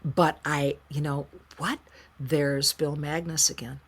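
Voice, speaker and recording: Low-voiced frank woman storyteller. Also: takes it slowly, slightly rough. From United States. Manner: frank, emotional, animated retelling with quoted voices. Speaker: interview guest, singer-songwriter. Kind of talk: candid conversational storytelling.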